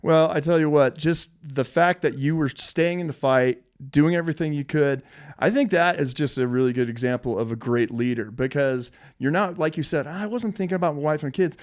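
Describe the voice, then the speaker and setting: A man's voice: fairly high pitch, a little fast. Emphatic male podcast host. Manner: emphatic, admiring, repeats phrases. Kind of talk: interview conversation.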